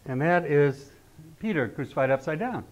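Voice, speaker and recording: A middle-aged man lectures a class in a loose, conversational way, always checking in with quick rhetorical questions. His voice sits a little high for a man, and the recording sounds dull and lo-fi. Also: lively intonation. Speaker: astrology teacher.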